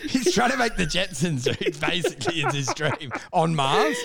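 High gravelly man, animated chat. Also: moderate pace, a crowd in the background. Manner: animated, swears freely, mimics people. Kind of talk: casual chat.

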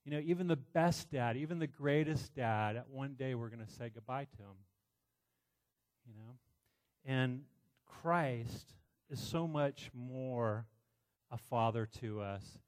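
A middle-aged man preaching, telling a personal story in an animated way with many restarts. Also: medium pitch, slow pace. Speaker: pastor.

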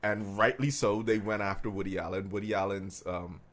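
A man's voice: on the low side, steady tone, fairly quick, a bit bright. A man co-hosting a podcast in casual chat, opinionated, arguing at length with his voice rising when worked up. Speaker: podcast co-host.

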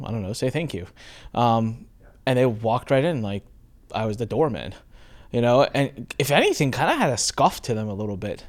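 Middle-aged man hosting, earnest storyteller. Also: medium pitch. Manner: earnest storytelling, asks probing questions. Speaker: podcast host. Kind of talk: interview conversation.

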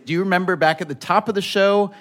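A man's voice: sits high, fast talker, fairly bright tone. A man hosting a live storytelling show on stage, wry and lightly teasing as he introduces guests and runs the vote. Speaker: host. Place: stage before a live audience.

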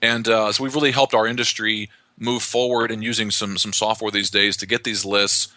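A man being interviewed as a real estate investor, explaining in an animated way with lots of restarts. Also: lowish voice, moderate pace, dry recording. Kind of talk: conversational podcast interview.

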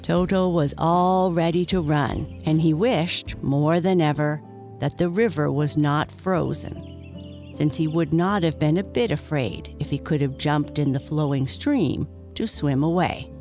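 A woman reading a bedtime story aloud, gentle and measured. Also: low-pitched, faint music behind.

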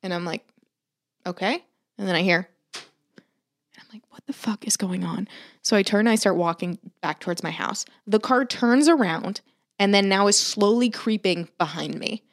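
A young woman co-hosting a podcast tells a story in loose, casual chat. She acts out what everyone said in dramatic little asides and swears without a second thought. Her pitch sits in an ordinary middle range for a woman. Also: normal speed. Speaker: podcast co-host.

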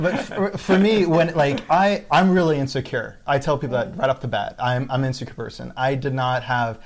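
A man's voice: mid-range voice, brisk, few pauses. A man talking candidly and reflectively in a casual podcast chat, often repeating words as he starts a thought.

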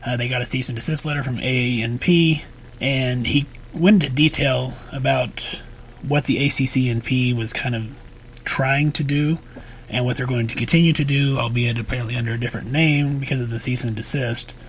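A man co-hosting a podcast, explaining things in a measured way and raising pointed questions. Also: mid-range voice, steady tone, a little hiss or hum, poor audio. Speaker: podcast co-host. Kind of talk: casual podcast chat.

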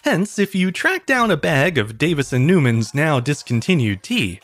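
Man narrating history with lively pitch. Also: normal speed, dry recording. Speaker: history podcast host. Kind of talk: scripted narration.

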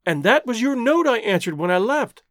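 A man's voice: extremely high pitch, sing-song, moderate pace, no echo, studio quality, voice pushed up. A man reading an audiobook, voicing an earnest, emotional young woman in a raised, pleading tone. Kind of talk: audiobook character voice.

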